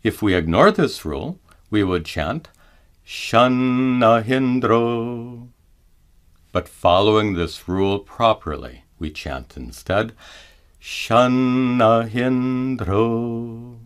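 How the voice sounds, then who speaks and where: A man teaching mantra pronunciation in a careful scripted lesson, slowing down to chant each example. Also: deep voice, very animated. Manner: slow, careful explanation with drawn-out chanted examples.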